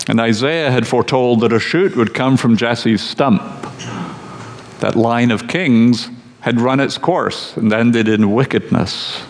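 A man preaching a sermon, teaching slowly and with emphasis in a measured delivery. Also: fairly low pitch, vocal fry, in a large hall, slight background noise.

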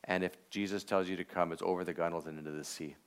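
A man teaching a class, leading a guided meditation on a Bible passage in a reflective, unhurried way with frequent filler pauses. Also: deep voice, fairly even intonation, clear, resonant tone.

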